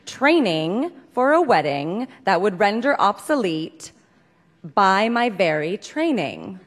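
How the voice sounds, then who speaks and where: Deadpan woman telling a comic story in a hall. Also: medium pitch. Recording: long hall reverb.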